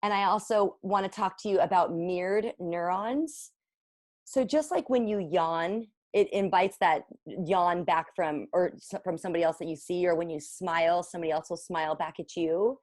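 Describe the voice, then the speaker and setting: Earnest woman coach, lower voice. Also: moderate pace, darkish tone, no room sound, clean studio sound. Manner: earnest, encouraging, repeats for emphasis. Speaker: parent coach. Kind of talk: presenting a parenting workshop with slides.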